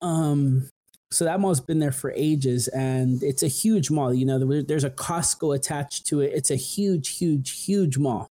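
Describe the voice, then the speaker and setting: A man's voice: on the high side, unhurried, mellow. A young man from the San Fernando Valley in California, telling a story in a rambling, casual way full of "like" and "um" as a podcast host. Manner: rambling, full of "like" and "um", restarts often.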